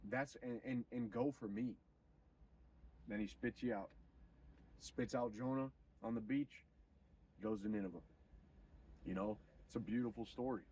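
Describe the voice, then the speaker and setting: A male streamer telling a story in a loose, animated way, swearing freely and slipping into preaching. His voice is husky and rough-edged, sitting at a middle pitch. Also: measured pace, pauses often, far from the mic, low-quality recording. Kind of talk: casual storytelling on a livestream.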